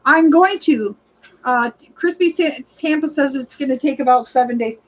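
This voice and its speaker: Chatty high-voiced woman in her forties. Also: moderate pace, low-quality recording. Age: 40s. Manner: rambling, chatty, greets viewers by name, frequent fillers. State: short of breath at times. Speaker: livestreaming rideshare vlogger. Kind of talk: casual livestream chat reading comments.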